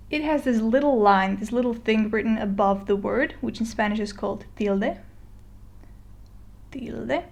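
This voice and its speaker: A woman giving a casual explainer lesson, chatty with fillers and restarts, slowing down to model words. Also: on the high side, a little mellow. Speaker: Spanish teacher. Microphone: voice-over on a screen recording.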